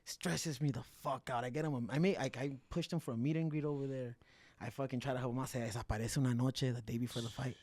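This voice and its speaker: Profane, animated storytelling fighter, man. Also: mid-range voice, quick pace, no room sound. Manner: profane, animated storytelling with acted-out quotes and slang. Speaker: guest fighter. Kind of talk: casual storytelling in a podcast interview.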